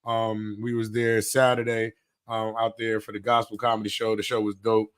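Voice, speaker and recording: A man in his thirties co-hosting a casual podcast, telling animated stories and acting out quotes. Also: on the low side, normal speed, clean tone. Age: 30s. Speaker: podcast co-host. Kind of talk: casual chat.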